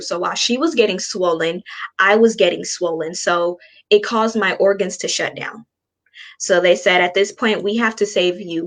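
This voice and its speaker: Woman, twenties, low-pitched guest, candid and earnest storyteller. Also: a bit bright. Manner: earnest, frank, acts out past dialogue. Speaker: spiritual coach guest. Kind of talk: personal storytelling in an interview.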